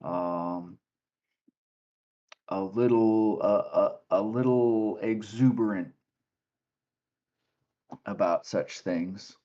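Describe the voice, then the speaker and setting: A man's voice: on the low side, extremely slow, long pauses, warm tone, highs cut off, voice pushed down. A man doing a polite, apologetic small-town sheriff. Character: polite small-town male sheriff, middle-aged father.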